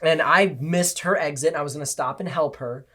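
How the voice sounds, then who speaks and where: A man's voice: on the high side, brisk, a bit bright. Easygoing man, casual co-host, affirms often, tells stories. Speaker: podcast co-host. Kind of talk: casual conversation with wife.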